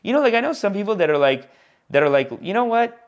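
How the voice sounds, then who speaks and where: A man hosting his own podcast as a comedian, rambling in a casual, animated monologue aimed straight at his listeners. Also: high voice, fast, highs cut off.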